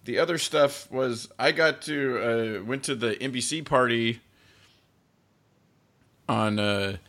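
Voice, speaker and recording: A man hosting a podcast, speaking in a relaxed, halting way with many pauses and fillers. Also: medium pitch. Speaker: podcast host. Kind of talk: casual chat.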